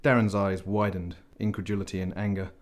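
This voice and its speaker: A man reading a science fiction story aloud as narrator, dry and measured. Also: low-pitched, little pitch movement. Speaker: audiobook narrator. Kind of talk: scripted narration.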